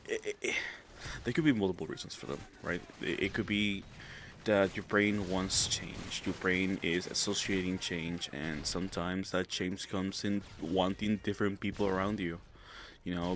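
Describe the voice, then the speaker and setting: A man's voice: deep voice, a bit bright, slight background noise. A young man giving casual advice in a rambling, profane way, often stammering and restarting. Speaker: vlogger.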